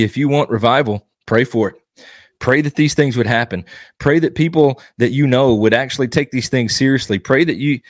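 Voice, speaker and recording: A man's voice: mid-range voice, no echo, studio quality. A man giving earnest devotional teaching as a Baptist preacher, exhorting his listeners and driving points home with repetition.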